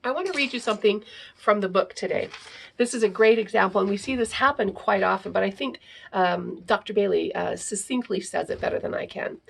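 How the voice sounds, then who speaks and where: A woman hosting a parenting show talks through her points in a relaxed, explanatory way, often checking in with a quick "right?". Her voice has a gravelly, fry-tinged edge. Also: mid-range voice. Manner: frequent "right?" tags, reads aloud from a book. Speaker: parenting podcast host. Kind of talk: casual teaching talk.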